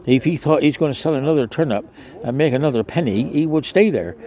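A man's voice: fairly high pitch, quick pace, dark tone. An older man with a Cornish accent telling rambling stories in an interview, chatty and salty, often restarting. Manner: chatty, restarts, mild swearing. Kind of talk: rambling storytelling.

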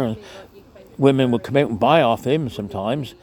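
A man's voice: medium pitch, normal speed, a little mellow. An older man with a Cornish accent telling rambling stories in an interview, chatty and salty, often restarting. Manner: chatty, restarts, mild swearing. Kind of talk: rambling storytelling.

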